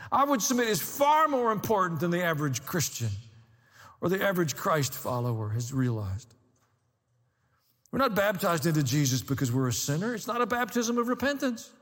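High-voiced preacher in a reverberant hall. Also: male voice, a bit bright. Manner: conversational preaching with dry humor and rising emphasis. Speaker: pastor. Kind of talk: sermon.

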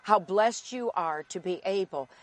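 A woman teaching from the Bible in an earnest sermon, slowing to repeat key phrases for emphasis. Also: medium pitch, no room sound.

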